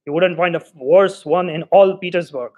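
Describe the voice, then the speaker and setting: A man voicing an irritable male hunchback reveler with a cracked voice, loud and bossy. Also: high-pitched, normal speed, close to an everyday voice. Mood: bossy, abusive. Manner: bossy, shouting, abusive.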